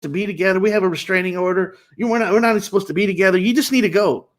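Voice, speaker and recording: A man's voice: high-pitched, rapid-fire, pitched above the performer's own voice, close to an everyday voice. A man voicing his estranged wife, urgent and insistent as she tells him to leave. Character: frantic estranged wife on the phone, woman.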